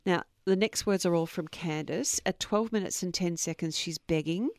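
A woman's voice: medium pitch, moderate pace, hardly any pauses, darkish tone, no room sound, clean studio sound. A middle-aged woman hosting a true crime podcast, reading out quotes earnestly and adding personal asides. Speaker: podcast host.

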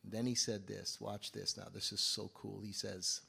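A man preaching a live sermon to a congregation, moving from low asides to loud outbursts and often asking the audience questions. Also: level tone, unhurried, vocal fry, husky. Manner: conversational, asks the audience questions. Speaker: pastor. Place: church service.

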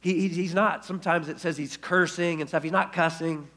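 Gravelly pastor preaching. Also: male voice, a little high, fairly even intonation, fairly quick, a bit bright. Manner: storytelling, acts out quoted speech in the retelling. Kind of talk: sermon. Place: church.

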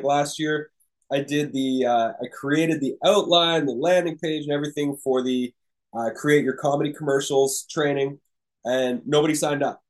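A man's voice: fairly high pitch, low-quality recording. A man hosting a podcast, giving casual, encouraging coaching talk to entrepreneurs, rambling with fillers and restarts. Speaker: podcast host and business coach. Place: room with a live audience.

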